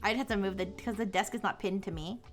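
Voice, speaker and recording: A woman's voice: medium pitch, fast, faint music behind. A young woman VTuber chatting casually on a live stream, giggly and rambling. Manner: giggly, rambling, self-mocking.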